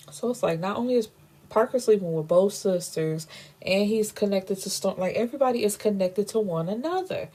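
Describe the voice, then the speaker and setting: A woman's voice: medium pitch, a little fast, warm tone. A woman giving a casual, chatty book recap, full of fillers and blunt opinions. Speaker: book reviewer.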